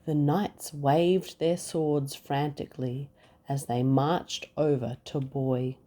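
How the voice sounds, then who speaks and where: A woman, a mother reading a picture book aloud to her children, expressive and acting out the sound effects. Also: deep voice, slow. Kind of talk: bedtime story reading.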